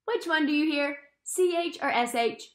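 A woman teacher giving a playful phonics lesson to young children, sounding out letter sounds slowly. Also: high voice, echoey room.

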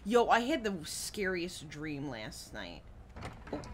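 A woman's voice: low-pitched, sing-song, slow, a little hiss or hum. A woman streaming a horror game live, reacting with jumpy, frightened exclamations and casual chat. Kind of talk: live gameplay commentary.

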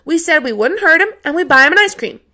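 A woman's voice: high-pitched, animated, fast, pushed and bright, pitched above the performer's own voice. A woman voicing an earnest little boy. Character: small imaginative boy, earnest schemer.

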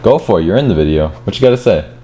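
A young man giving gameplay commentary, swearing and shouting in frustrated outbursts, with game music and keyboard typing behind him. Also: sits low, expressive, quick pace, noisy background. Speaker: gaming streamer.

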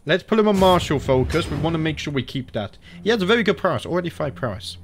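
A man's voice: on the high side, expressive, fast, slight background noise. An Australian man streaming a strategy game, chatting casually, thinking aloud and muttering as he clicks through menus. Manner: chatty, thinks aloud, mutters and self-corrects, frequent mild swearing. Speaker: gaming streamer. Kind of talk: casual live-stream commentary while playing a strategy game.

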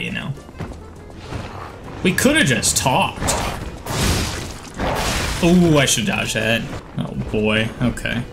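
A man giving gameplay commentary, excitable, yelping and swearing at the game. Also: on the high side, vocal fry. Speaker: gaming channel host.

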